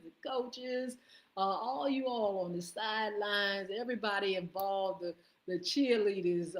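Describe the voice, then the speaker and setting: A woman's voice: mid-range voice, unhurried. A woman hosting a live morning show stream, casually greeting viewers by name with lots of "uh" fillers and an upbeat, friendly manner.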